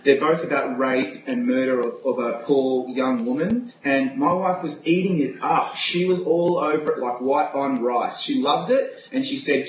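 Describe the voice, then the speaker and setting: A man's voice: medium pitch, moderate pace, few pauses, reverberant, lo-fi sound, slight background noise. A man arguing playfully as an awards pundit in a casual panel debate, laughing as he pushes his pick.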